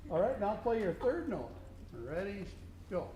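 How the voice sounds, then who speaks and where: A man's voice: high-pitched, big pitch swings, unhurried, dull audio. A man working as a contest judge, coaching a student band and singing rhythms aloud to show them. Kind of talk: instructional clinic to a student band. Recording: echoey room with faint noise.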